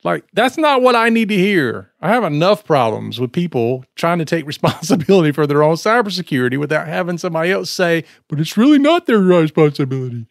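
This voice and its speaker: Animated man co-host, lively pitch. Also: fairly quick, gravelly, hardly any pauses, dry recording, clean studio sound. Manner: animated, acts out what people said. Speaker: podcast co-host. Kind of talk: casual chat.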